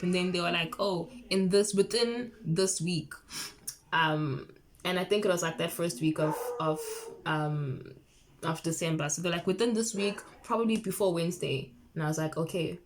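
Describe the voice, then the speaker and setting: A woman's voice: fairly low pitch, a little slow, noisy background. Chatty young woman telling a story. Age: early 20s. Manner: chatty, excitable, lots of fillers and quoted dialogue. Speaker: vlogger. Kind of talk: casual storytelling to camera.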